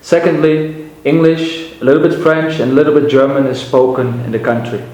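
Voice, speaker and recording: A man's voice: on the high side, fairly quick, a little mellow. A man from the eastern Netherlands, a native Dutch speaker, giving plain, matter-of-fact answers in a practice conversation. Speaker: interview guest. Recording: very echoey room.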